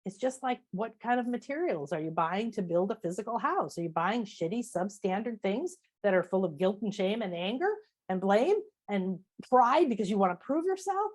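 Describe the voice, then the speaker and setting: Speaking at a moderate pace with hardly a pause, a medium-pitched female guest, who teaches spirituality and writes books, chats in a casual interview. She dramatizes people's inner voices and self-talk with animated emphasis, often repeating herself.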